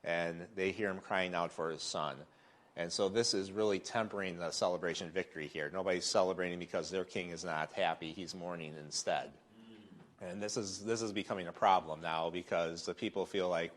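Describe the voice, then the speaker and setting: A middle-aged man with a very low voice teaches a Sunday School Bible lesson. He talks in a loose, conversational way, with fillers and restarts, from a church classroom. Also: steady tone, fairly quick.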